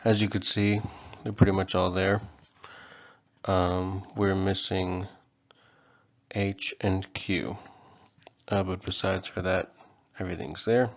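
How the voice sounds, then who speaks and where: A man giving a casual online language lesson, relaxed and hesitant, with frequent ums and okays. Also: low voice, takes it slowly, pauses often, lo-fi sound. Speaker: language teacher.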